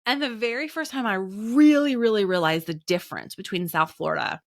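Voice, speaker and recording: A woman in her thirties from Indiana in the American Midwest tells stories conversationally in a mid-range voice at a fairly quick pace. She's a business owner appearing as a guest, chatty and full of "like" fillers, acting out the voices she quotes. The recording is dry and studio quality.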